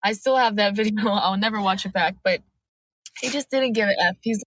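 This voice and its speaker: A woman's voice: medium pitch, fairly quick, no room sound. A woman, a podcast guest and widow telling her story earnestly and acting out what people said. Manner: earnest, tells events by acting out quotes. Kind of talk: emotional personal interview.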